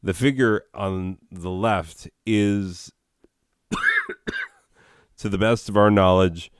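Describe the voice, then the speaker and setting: Deep slow-talking sarcastic man. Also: no room sound, studio quality. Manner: sarcastic, rambling asides. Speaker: comedy video host. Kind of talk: riffing commentary on absurd readings.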